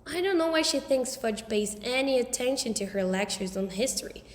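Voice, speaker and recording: A woman with a high voice reads a children's story aloud with lively expression. Her voice rings out in a roomy space with a long reverb tail. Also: moderate pace. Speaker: audiobook reader. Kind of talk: storybook narration.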